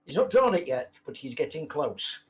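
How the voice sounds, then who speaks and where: A man's voice: on the high side, big pitch swings, normal speed, slight background noise. A man playing a tabletop game who answers in a dry, matter-of-fact way. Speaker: player.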